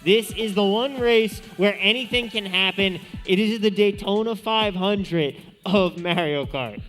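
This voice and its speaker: A man's voice: sits high, unhurried, fairly bright tone, faint music behind. A man co-hosting a live esports stream, upbeat and playful in his banter. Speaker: esports co-host and commentator. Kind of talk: casual live-stream commentary.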